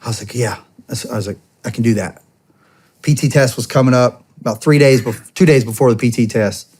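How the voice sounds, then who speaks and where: Speaking briskly in a husky, darkish, medium-pitched voice, this podcast guest, an American in his thirties who served as a soldier and then a police officer, rambles through a long story in an interview. He leans heavily on "I'm like" and acts out quoted back-and-forth exchanges.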